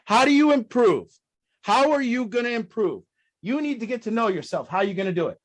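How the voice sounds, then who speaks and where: A high-voiced man leads a recovery group talk. He is blunt and profane, pushing his listeners with rhetorical questions and getting louder and higher when he is worked up. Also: expressive, a little fast. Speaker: group leader.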